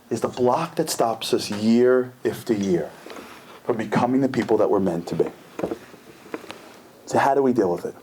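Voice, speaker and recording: A man giving an inspirational lecture at a community center, animated and acting out voices with big jumps in pitch. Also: a little hiss or hum.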